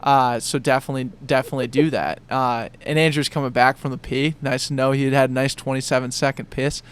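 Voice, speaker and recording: A man's voice: mid-range voice, flat delivery, fast, clear, resonant tone. A young man hosting a podcast, chatting in an enthusiastic, loose and rambling way. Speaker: podcast host. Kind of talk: casual conversation.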